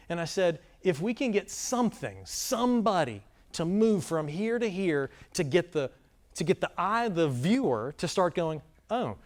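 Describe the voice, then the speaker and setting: A man leading a live filmmaking workshop for an audience, talking in a rambling, self-deprecating, animated way. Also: fairly high pitch. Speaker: workshop presenter. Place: conference room before a live audience.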